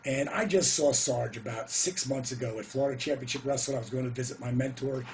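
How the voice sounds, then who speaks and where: A middle-aged man telling a story to camera in a casual, animated way, whooping now and then and putting on voices for the people he quotes. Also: mid-range voice, fairly quick, slight background noise.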